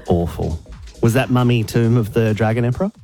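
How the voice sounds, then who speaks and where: A man's voice: mid-range voice, normal speed, dark tone, faint music behind. A man co-hosting a radio show, tossing in wry, sarcastic banter. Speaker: radio co-host. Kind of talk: casual radio chat. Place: radio studio.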